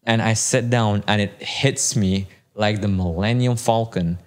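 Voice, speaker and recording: Animated storytelling man with a lowish voice. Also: a little slow. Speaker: podcast guest. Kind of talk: storytelling in casual chat.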